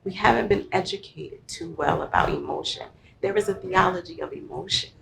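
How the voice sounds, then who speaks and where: A woman speaking as an expert guest, explaining emotions in a lively conversational way with everyday examples. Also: fairly low pitch, brisk, creaky, reverberant, noisy background. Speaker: guest, mental health professional. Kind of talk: conversational teaching.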